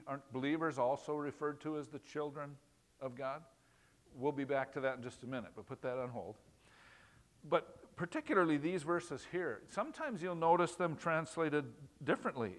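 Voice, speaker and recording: In a plain, conversational teaching sermon, a pastor with a slightly higher voice poses questions to his audience and doubles back on phrases to stress them.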